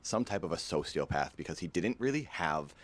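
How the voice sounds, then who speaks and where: A man recounting a personal story for his vlog, somber and earnest throughout. His voice is extremely deep, sitting far lower than most men's. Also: expressive, brisk. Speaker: vlogger telling a personal story.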